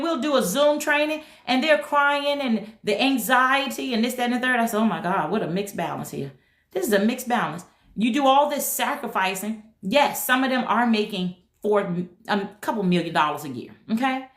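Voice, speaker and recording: A woman's voice: a little high, fairly bright tone. A middle-aged woman hosting a casual livestream, talking emphatically and straight to her viewers. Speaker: livestream host. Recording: echoey room.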